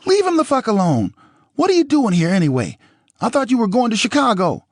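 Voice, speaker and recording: Brief: man doing a shrill, cursing enraged woman in a dry, husky read for an audiobook. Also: huge pitch swings, fairly quick, darkish tone, no room sound. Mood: shrieking angry. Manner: screaming, cursing. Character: furious shrieking young woman.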